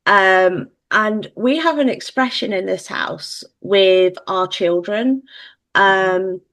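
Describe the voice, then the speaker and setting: A woman hosting a casual conversation, telling stories in a chatty, animated way. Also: mid-range voice, slow pace. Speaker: podcast host.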